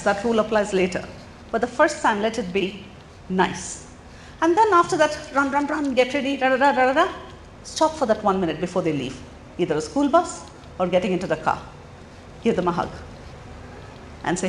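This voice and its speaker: A middle-aged woman speaks to a room of parents in an earnest, animated way, often turning questions back on her listeners. Her voice sits a little higher than most women's. The room is echoey, with a faint hum of background noise. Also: normal speed, long pauses. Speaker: parenting speaker at a school coffee morning. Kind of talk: lively talk to a room of parents. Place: school hall or meeting room.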